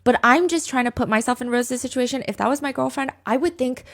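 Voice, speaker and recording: A woman hosting a true crime podcast, retelling a case in a chatty, casual way full of "like" fillers and quick asides. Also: sits high. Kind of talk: casual storytelling chat.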